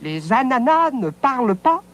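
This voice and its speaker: A playful talking pineapple from an old kids' TV French lesson, voiced by a woman. The voice is high and swoops widely up and down. It speaks in slow, simple phrases meant for children. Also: big pitch swings, muffled recording.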